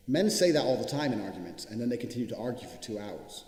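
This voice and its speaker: A man's voice: mid-range voice, quick pace, hardly any pauses. Blunt, profane man in an echoey room. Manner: forceful, profane, emphatic repetition. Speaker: motivational speaker. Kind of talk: blunt motivational monologue. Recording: echoey room with long reverb.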